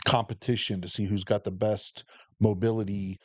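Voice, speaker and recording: A man with a lowish voice co-hosts a casual podcast and fills in background facts between slangy asides. His voice comes across dry and close, with no room sound around it. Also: little pitch movement, normal speed, a little mellow, dry recording. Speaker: podcast co-host. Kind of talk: casual chat.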